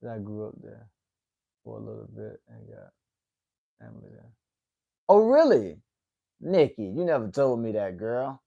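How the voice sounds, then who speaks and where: Host: late-20s Southern man with an Atlanta accent, relaxed and chatty, talking to his viewers. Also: lowish voice, measured pace, creaky, long pauses, muffled recording. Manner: laid-back, chatty, reacting to chat. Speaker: livestream host. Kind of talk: casual chat with viewers.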